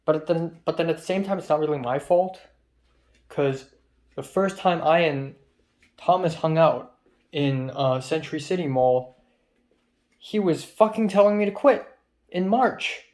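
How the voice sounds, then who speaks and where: A young adult man from Hong Kong, a film student, records a rambling, profane diary vlog full of ums and restarts. His voice is fairly high and slightly mellow, with a measured pace and frequent pauses.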